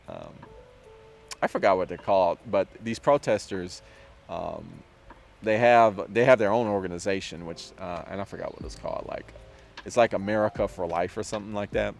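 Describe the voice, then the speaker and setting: A man hosting a casual discussion outdoors, hesitant with many fillers and restarts, laughing often. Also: deep voice. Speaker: discussion host. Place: outdoors, drizzling.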